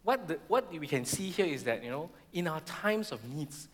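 A middle-aged man, preaching a sermon in a church hall and acting out voices in animated bursts. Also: normal speed. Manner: animated, acts out the Israelites' complaints in high voices. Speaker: pastor. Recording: long hall reverb.

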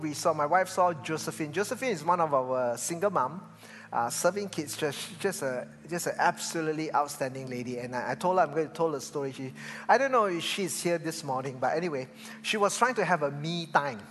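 Older pastor man telling stories in a sermon, kinda high voice, long echo in a church hall. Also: a little hiss or hum. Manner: animated storyteller, swinging from loud to hushed. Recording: reverberant church hall with faint music.

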